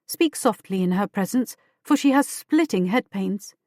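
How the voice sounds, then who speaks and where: A woman reading an audiobook voices a harried royal lady-in-waiting who speaks in a hurried, guarded way. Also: mid-range voice, animated, darkish tone, no echo, clean studio sound, lightly acted. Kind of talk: audiobook character voice.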